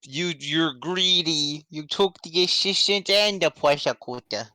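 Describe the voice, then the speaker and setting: A man with a bright, forceful voice trading jokes with friends during a stream. He swears a lot and laughs often. The sound is close and dry. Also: fairly high pitch, measured pace, no room sound. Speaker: streamer voicing a game. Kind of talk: casual chat with friends.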